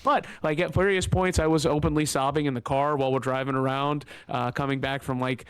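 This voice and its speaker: A man's voice: mid-range voice, steady tone, brisk, smooth, no room sound. A man hosting a podcast, telling a personal story in a candid, emotional, rambling way with many fillers, close to tears. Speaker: podcast host.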